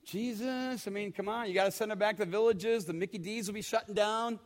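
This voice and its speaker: A man's voice: high-pitched, a little fast, long reverb tail, natural voice. A man voicing impatient male disciples who plead with a casual, pushy manner.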